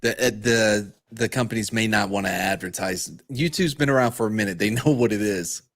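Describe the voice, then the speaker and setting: A man's voice: on the low side, brisk, fairly bright tone, dry recording, clean studio sound. A man co-hosting a casual podcast, talking in a laid-back way full of profane slang. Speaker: podcast co-host.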